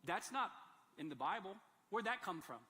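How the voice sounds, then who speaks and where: A male pastor with a high, bright voice delivers a sermon in a big church, his words ringing out with a long hall reverb. He talks in an animated way, dropping to soft asides and then rising into loud, emphatic bursts. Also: normal speed.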